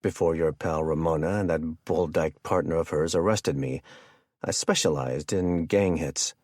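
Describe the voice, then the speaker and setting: A man's voice: rumbling low, moderate pace, darkish tone, dry recording, clean studio sound. A man playing a jovial, sadistic male hitman who chats and jokes while he menaces his captive. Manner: chatty, joking, casually menacing.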